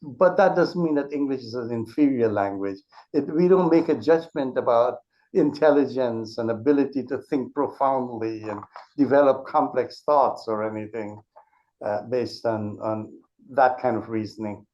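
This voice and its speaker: A man's voice: mid-range voice, normal speed, a little mellow. Earnest man explaining, muffled lo-fi sound. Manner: thoughtful, explains with examples, frequent restarts. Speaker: author and speech teacher, interview guest. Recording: dull lo-fi recording.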